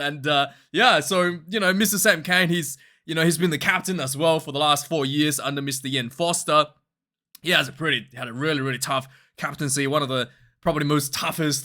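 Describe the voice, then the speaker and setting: A man hosting a casual rugby match review vlog, talking in an animated, rambling way with frequent laughs. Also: on the high side.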